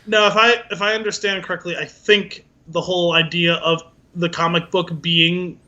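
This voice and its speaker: Man, podcast co-host, casual chat, high voice, animated, acts out scenes. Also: moderate pace, highs cut off.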